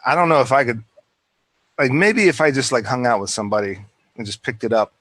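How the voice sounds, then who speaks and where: A man's voice: medium pitch, expressive, brisk, fairly bright tone, no echo. A man who acts, talking casually in a podcast interview, rambling and restarting his sentences often. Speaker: actor and guest. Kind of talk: casual conversation.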